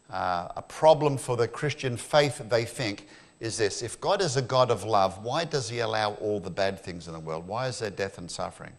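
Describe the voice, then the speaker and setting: A man with an Australian accent giving a lively, joking talk to a church audience, putting questions to the crowd. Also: fairly low pitch. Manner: jokey, animated, asks the audience questions. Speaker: guest speaker. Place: church hall.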